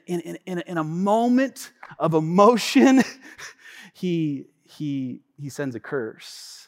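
A male pastor delivers a sermon in a fairly high voice, with his words trailing off into a long reverb in a church hall. He tells his story with many stumbles and restarts, dropping to quiet asides and then rising to excited, loud retelling.

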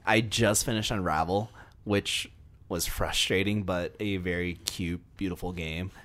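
Deep-voiced man in casual podcast chat. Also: steady tone, a little slow, a bit bright. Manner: rambling, gets sidetracked mid-thought. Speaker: podcast co-host.

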